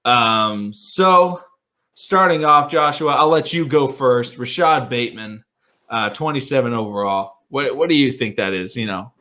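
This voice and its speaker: A man's voice: medium pitch, measured pace, pushed and bright. A man hosting a casual sports podcast, upbeat and chatty with frequent ums and restarts. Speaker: podcast host.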